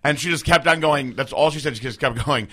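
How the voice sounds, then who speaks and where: A man's voice: mid-range voice, fairly quick, pushed and bright. A man co-hosting a casual podcast, blunt and crude, swearing freely as he tells stories. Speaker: podcast co-host.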